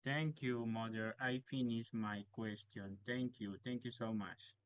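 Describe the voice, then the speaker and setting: A man whose first language is Spanish, an English learner reading out prepared questions in a hesitant, halting way. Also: medium pitch, steady tone, clear, resonant tone, no room sound, lo-fi sound.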